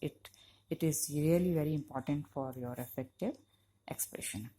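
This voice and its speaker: A woman's voice: low voice, moderate pace, mellow. A woman teacher, giving a conversational lecture to university students and leaning on "you know" as she explains. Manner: explanatory, emphatic on key points.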